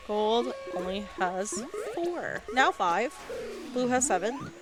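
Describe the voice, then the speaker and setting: A woman's voice: on the high side, very animated, slow pace. A woman doing casual play-by-play commentary on an arcade game, with rambling, playful asides between calls. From northern United States. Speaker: esports league commentator. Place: arcade bar.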